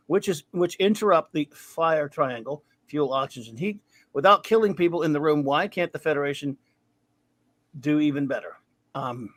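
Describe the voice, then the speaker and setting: A man's voice: a little high, moderate pace, fairly bright tone, dry recording. Wry rambling male podcast host. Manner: rambling, wry, trails off into mumbles. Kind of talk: casual review chat reading listener grades.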